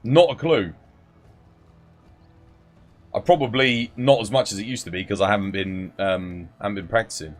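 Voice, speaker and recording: A man's voice: on the low side, normal speed, long pauses. A man live-streaming a game, chatting casually, greeting viewers by name and explaining game mechanics. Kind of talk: casual live-stream chat and gameplay tips.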